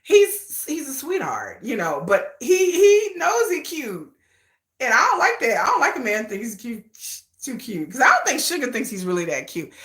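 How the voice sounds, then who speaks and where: Animated woman chatting on a livestream. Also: a little high, normal speed, reverberant. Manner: chatty, animated, laughs often, addresses chat as y'all. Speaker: livestream host. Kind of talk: casual livestream chat.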